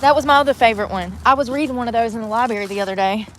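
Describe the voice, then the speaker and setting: A woman's voice: on the high side, very fast, a bit bright, slight background noise. Woman with a drawl, chatty and rambling on a phone livestream, faint ambience behind her. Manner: rambling, chatty, talks to viewers while out on errands. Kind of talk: casual live-stream chat.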